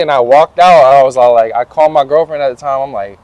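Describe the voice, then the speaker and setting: A man's voice: medium pitch, fast, few pauses, a little mellow, no echo. Laid-back slangy man telling stories. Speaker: interview guest. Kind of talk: casual storytelling interview.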